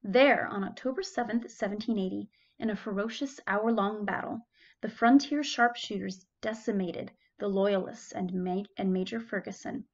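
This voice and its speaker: A woman's voice: medium pitch, vocal fry, highs cut off. A woman giving a chatty classroom history lecture, correcting herself and adding asides. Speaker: history teacher.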